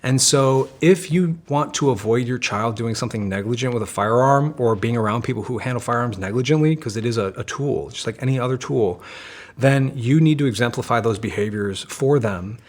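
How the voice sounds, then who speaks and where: A man in his thirties, a former special operations Marine and firearms instructor, talking casually and animatedly as a podcast guest, swearing freely and saying "dude" often. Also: medium pitch. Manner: animated, profane, fast storytelling with frequent "dude" and "man". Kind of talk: casual conversational interview.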